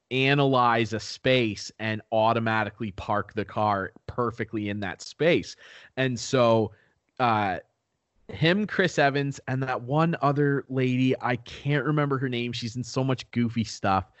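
Rambling young man on a podcast. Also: dry recording. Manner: rambling, animated storyteller who acts out quotes in high voices. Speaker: podcast co-host. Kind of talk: casual chat. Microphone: new podcast microphone.

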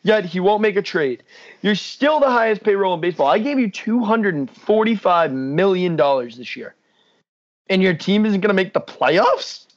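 Young dude ranting about sports, kinda high voice, swears a lot, muffled mic. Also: male voice, lively intonation, moderate pace. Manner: ranting, blunt, swears freely. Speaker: podcast co-host. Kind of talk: casual sports chat. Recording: dull lo-fi podcast mic.

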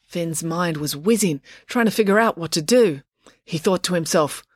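Casting: woman narrator for a kids' audiobook, expressive, dry close studio sound. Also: deep voice, moderate pace, no echo.

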